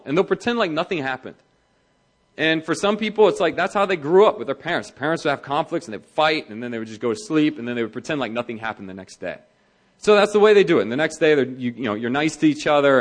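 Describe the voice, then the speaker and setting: Animated male pastor preaching. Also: on the high side. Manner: animated, conversational, acts out quoted voices. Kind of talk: sermon on marriage.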